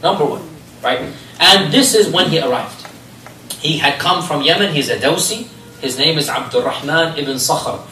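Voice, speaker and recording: A man's voice: on the high side, reverberant, recorded from a distance, slight background noise, low-quality recording. A man giving a religious history lecture, telling stories with rhetorical questions. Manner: animated storytelling with rhetorical questions.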